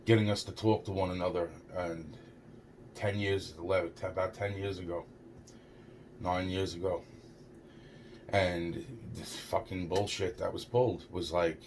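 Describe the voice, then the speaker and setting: A man's voice: deep voice, steady tone, unhurried, pauses often, darkish tone, slight background noise. A young man rambling through a personal story, stumbling over his words, repeating "it's like" and swearing a lot. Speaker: storyteller recounting a personal experience.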